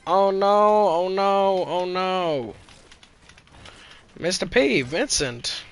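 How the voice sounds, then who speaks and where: Excitable high-voiced young-sounding streamer man. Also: drawn-out words, clear, resonant tone. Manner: excitable, swears, bursts of exclamations; talks to viewers and chat. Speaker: gaming streamer. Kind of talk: casual live-stream chatter.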